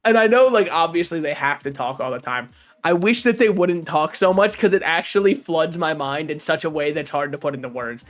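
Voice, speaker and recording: A man's voice: on the high side, brisk. A man streaming a game, chatting casually with viewers, profane and rambling, laughing often. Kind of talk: casual gaming stream chat.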